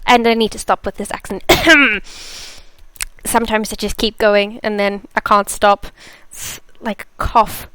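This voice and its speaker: Unhurried, smooth-voiced woman streamer. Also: mid-range voice, fairly even intonation, bright, forceful tone, no echo. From South Africa. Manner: chatty, laughs often, reads chat aloud. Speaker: live stream host. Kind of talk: casual live-stream chat.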